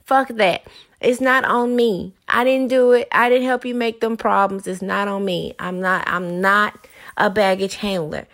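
A woman talks straight to her viewers in a blunt, profane, casual way. She goes from loud, heated ranting down to a low, musing tone. Her voice sits at a middle pitch. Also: steady tone, normal speed.

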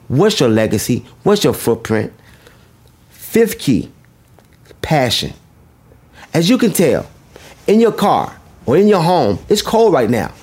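A man's voice: medium pitch, darkish tone, husky. A man giving a motivational speech, emphatic and preacher-like, repeating his key lines and asking the audience questions. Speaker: motivational speaker.

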